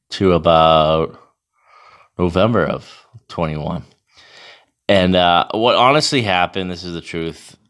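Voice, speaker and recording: A man in his thirties telling a casual, profane, animated story about himself. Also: sits low. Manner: profane, animated, self-mocking.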